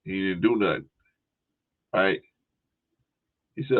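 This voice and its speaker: A man's voice: low-pitched, slow, pauses often. A male podcast host chatting casually, with a laid-back, rambling manner and frequent "right?" and "y'all". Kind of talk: casual chat. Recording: tinny phone-like line.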